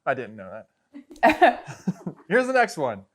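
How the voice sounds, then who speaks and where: A man's voice: a little high, wildly swooping pitch, takes it slowly. A man, the show's cameraman, reading viewer comments aloud in a light, self-deprecating, jokey way.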